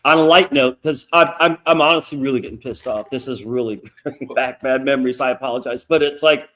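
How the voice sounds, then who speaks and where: A man's voice: mid-range voice, fairly quick, fairly bright tone. A man who is a guest comic artist, getting worked up in a casual talk, swearing often and sounding sarcastic. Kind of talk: heated casual chat.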